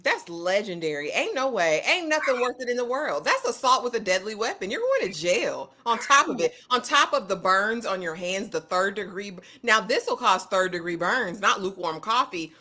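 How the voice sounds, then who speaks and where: Woman podcast host, bright voice, slangy, quick jokes. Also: medium pitch, sing-song. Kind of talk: casual chat.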